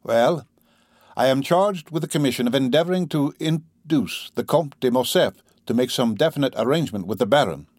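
A man reading a composed, mysterious wealthy count in an audiobook, calm and measured. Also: medium pitch, no echo, studio quality, lightly acted. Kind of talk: audiobook character voice.

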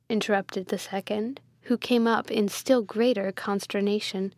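A woman reading a classic novel aloud as an audiobook narrator, with measured, expressive storytelling on a close mic. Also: medium pitch, dry recording.

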